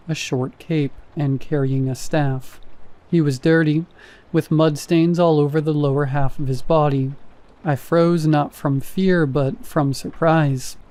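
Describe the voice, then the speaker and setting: Male horror narrator, steady first-person storytelling, warm dark tone. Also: on the high side.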